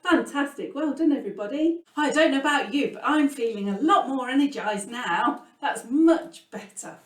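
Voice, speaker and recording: Lively English woman teaching children music. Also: high-pitched, moderate pace. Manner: animated, sing-song, exaggerates loud and whispered words. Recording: echoey room, voice from a distance.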